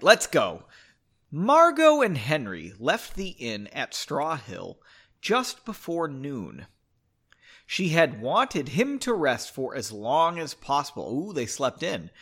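A man's voice: mid-range voice, fairly bright tone. A man hosting a podcast, reading a story aloud and breaking off for chatty, self-mocking jokes. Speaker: podcast host.

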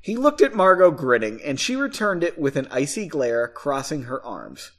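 A man's voice: fairly high pitch, sing-song, normal speed, fairly bright tone. Chatty man reading his own book. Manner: chatty, self-mocking, swears casually. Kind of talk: casual book reading with asides.

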